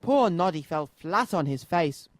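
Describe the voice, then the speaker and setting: A man presenting a children's radio show, reading a storybook aloud in a lively, clear way from a studio. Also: a little high, unhurried, no echo.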